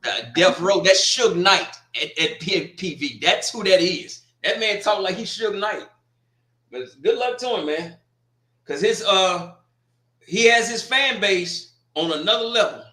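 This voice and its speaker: A man's voice: high voice, expressive, a little slow, sharp tone, echoey room. A man co-hosting a casual sports chat, joking and laid-back, often restarting his sentences. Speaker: co-host.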